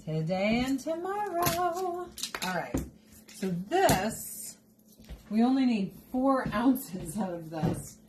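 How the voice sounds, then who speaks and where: Brief: unhurried, rambling woman host chatting over her cooking at home, steady hiss under the voice. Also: a little high. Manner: chatty, rambling, jokey asides. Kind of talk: casual cooking chat. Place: home kitchen. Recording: noticeable background noise.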